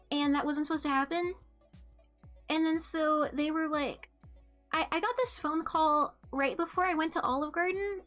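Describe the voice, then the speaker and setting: A woman's voice: sits high, a bit bright. A young woman streamer chatting casually about her day, rambling with lots of ums and restarts, coughing with a mucus-filled throat. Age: young adult. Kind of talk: casual chat.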